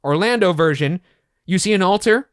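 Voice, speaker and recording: Male co-host in his thirties, animated, lively pitch, dry sound, casual. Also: moderate pace, clean tone, no echo. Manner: animated, recaps in detail, swears casually. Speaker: podcast co-host. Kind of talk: casual chat.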